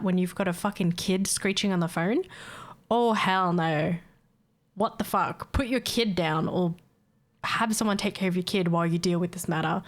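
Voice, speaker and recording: A young adult woman, ranting bluntly and swearing freely as she chats casually on a livestream. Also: mid-range voice. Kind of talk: casual stream chat.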